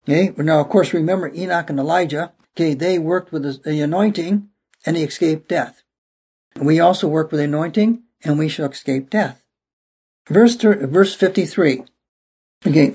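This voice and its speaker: Gravelly high-pitched male preacher. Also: moderate pace, a little mellow. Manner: emphatic, repeats "okay" and restarts phrases. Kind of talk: sermon, verse-by-verse Bible teaching.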